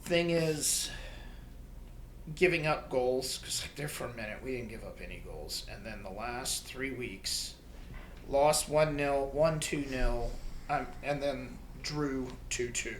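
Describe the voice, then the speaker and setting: A man's voice: mid-range voice, slow pace, a little hiss or hum. A man co-hosting a sports podcast, giving blunt, opinionated takes in casual chat. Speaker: podcast co-host.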